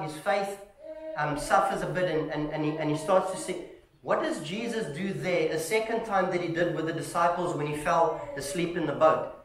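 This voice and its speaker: A man preaching a sermon in a church, telling stories with animated shouts, calling the congregation "family" and asking "Amen?". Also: sits high. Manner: animated storytelling, acting out shouts. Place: church hall. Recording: echoey church hall.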